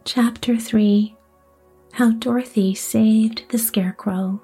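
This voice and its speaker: Soft-spoken woman reading a storybook. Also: a little high, fairly even intonation, takes it slowly, slightly rough, soft background music. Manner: soft, often drops to a whisper. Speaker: audiobook narrator. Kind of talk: storybook narration.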